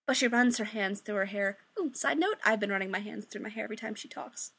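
A woman's voice: mid-range voice, fast talker, vocal fry, a bit bright, breathy edge. A woman reading a story aloud in a chatty way, swearing and breaking off for joking asides. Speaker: story reader. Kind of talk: reading fan fiction aloud.

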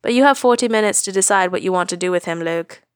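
A woman doing Han, a loud, sarcastic aging smuggler. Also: mid-range voice, fast talker, clean tone, no room sound, clean studio sound, lightly acted. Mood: exasperated. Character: gruff aging male smuggler, sarcastic, exasperated.

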